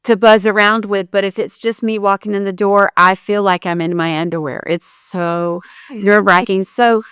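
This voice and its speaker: A woman's voice: mid-range voice, steady tone, normal speed, fairly bright tone, smooth, dry recording, clean studio sound. A woman co-host on a talk show, talking thoughtfully and hesitantly with frequent fillers. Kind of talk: conversational chat.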